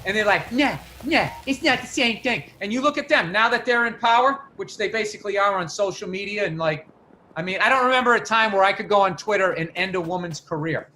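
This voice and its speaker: A man's voice: high voice, fast talker, sharp tone, a little hiss or hum. A man telling a long profane story in casual podcast chat, getting fired up as he rants. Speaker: podcast guest comedian.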